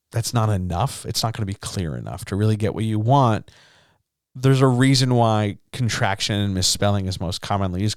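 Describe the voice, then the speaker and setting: A man's voice: fairly low pitch, darkish tone, smooth, no echo, clean studio sound. A man as a writing coach hosting a casual livestream Q&A, chatty and upbeat, talking straight to his chat through a podcast mic. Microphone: studio podcast mic.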